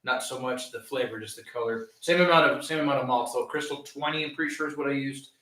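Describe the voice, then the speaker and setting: A man co-hosting a home brew stream, calmly explaining his recipe step by step. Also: mid-range voice, fast. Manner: easygoing, explains step by step with fillers. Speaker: homebrewer co-host of a live stream. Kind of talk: casual explaining chat. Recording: echoey and distant, light hiss.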